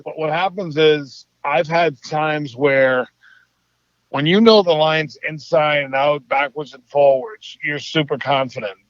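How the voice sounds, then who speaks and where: A middle-aged man with a Boston accent, a guest actor telling stories in a relaxed, easygoing interview chat. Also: on the high side, unhurried, no echo. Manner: easygoing, relaxed storytelling with soft laughs. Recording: slightly dull, dry podcast audio.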